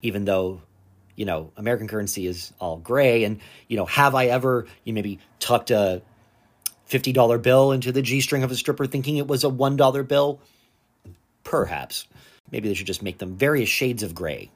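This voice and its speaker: A man hosts a comedy segment, at an ordinary pitch. He is sarcastic and rambling and scatters fillers throughout. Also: normal speed. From Canada. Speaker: host. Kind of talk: comedic monologue.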